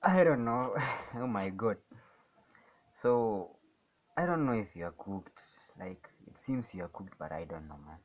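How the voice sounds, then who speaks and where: A man with a fairly low voice thinks aloud about a trade he is watching. He rambles, repeats himself and doubts his calls. He switches between steady explanation and sudden excited outbursts. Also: normal speed, a little hiss or hum. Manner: rambling, self-questioning, swings between calm analysis and excited outbursts. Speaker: day trader narrating his screen. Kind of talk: casual live commentary.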